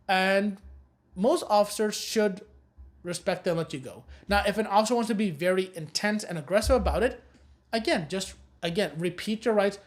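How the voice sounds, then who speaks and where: A woman's voice: medium pitch, moderate pace. A woman teaching a recorded know-your-rights course, giving blunt and emphatic advice and repeating her key warnings. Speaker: course instructor.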